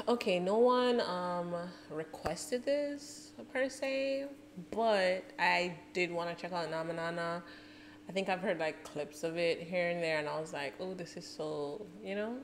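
A woman reacting out loud to music videos in a casual, excitable way, laughing and exclaiming. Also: fairly low pitch, unhurried, slight background noise. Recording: clear music underneath. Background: music playing.

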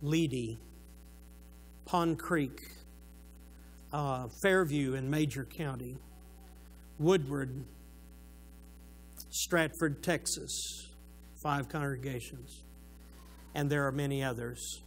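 A man's voice: mid-range voice, slow, pauses often, slight background noise, poor audio. A middle-aged man from Oklahoma with a southern Oklahoma accent, a retired pastor greeting a church congregation and preaching, earnest with light joking asides. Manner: warm joking asides, earnest about faith. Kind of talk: church greeting and sermon introduction. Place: church sanctuary.

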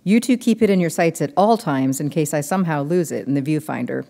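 A woman's voice: low-pitched, expressive, fairly quick, creaky, mellow. A woman reading aloud, voicing a pushy male monster hunter who gives urgent orders. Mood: commanding.

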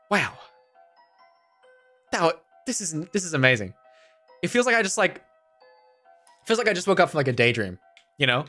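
Young male streamer, bright animated voice, reads game lines aloud with faint music behind. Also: on the high side, moderate pace, pauses often. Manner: reads game text aloud and voices the characters himself, chatty with laughs. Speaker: gameplay streamer. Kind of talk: let's play with read-aloud dialogue.

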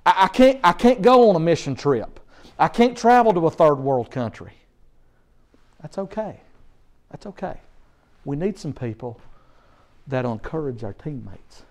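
Middle-aged man, animated storytelling preacher, repeats for emphasis, high pitch. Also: normal speed. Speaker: guest preacher. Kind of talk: storytelling sermon.

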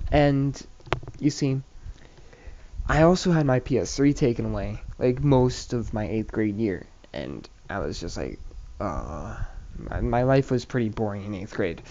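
Mellow-voiced man rambling through a story. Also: medium pitch, lo-fi sound, a little hiss or hum. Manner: rambling, profane, many restarts and fillers. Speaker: YouTube storyteller. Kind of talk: casual storytime vlog.

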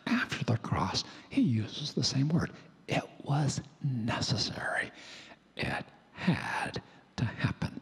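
A man preaching a sermon in a hoarse, breathy near-whisper, slow and emphatic, stretching out key words. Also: mid-range voice, very animated. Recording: long hall reverb.

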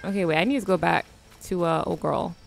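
A woman in her twenties giving casual, slangy commentary while streaming a game, chatty and quick to laugh. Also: fairly low pitch, gravelly, faint music behind. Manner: laid-back, chatty, slangy, laughs often.

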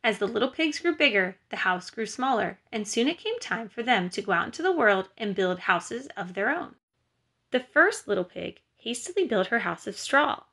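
A woman teacher giving a recorded lesson to schoolchildren and reading a story aloud in a clear, patient way. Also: fairly high pitch, big pitch swings, moderate pace, pushed and bright.

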